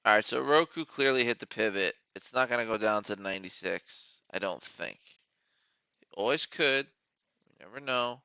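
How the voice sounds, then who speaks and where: A man's voice: fairly low pitch, normal speed, pushed and bright, clean tone, dry recording, rough recording. A man hosting a casual day-trading live stream from his home studio, rambling, joking and swearing freely as he talks through his trades.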